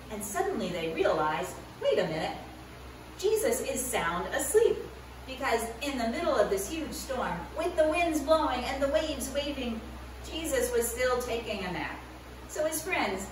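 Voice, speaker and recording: Animated woman telling a Bible story to kids. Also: on the high side, noisy background. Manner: animated, playful, dramatic for kids. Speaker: church school teacher. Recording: very echoey room, far from the mic.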